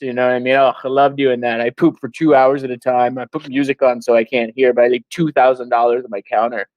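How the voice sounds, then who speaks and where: A man co-hosting a casual podcast, telling stories in an animated way and jumping into high mock voices for quotes. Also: quick pace, few pauses, no room sound, muffled recording. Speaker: podcast co-host.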